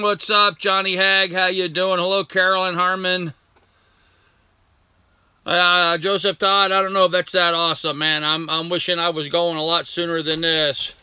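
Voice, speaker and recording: A man's voice: high voice, bright, forceful tone, clear, resonant tone, dry recording. An older man hosting a casual live stream from home, greeting his viewers one by one by name. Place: at home with a dog nearby. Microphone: laptop.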